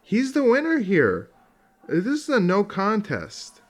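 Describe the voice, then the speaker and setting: A man's voice: sits high, huge pitch swings, slow pace. A man casually commentating on old fight footage, rambling, swearing often and laughing along.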